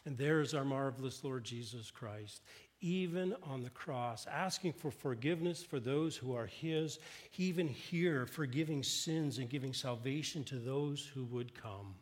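A man preaching a sermon, retelling a story in earnest, his voice swelling with emphasis and dropping low and hushed for quoted words. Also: unhurried. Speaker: pastor.

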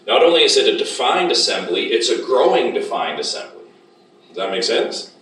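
A man with a mid-range, fairly bright voice teaches a Bible class at a moderate pace, very animated and regularly posing questions to the class. The audio comes from afar in a room with plenty of echo.

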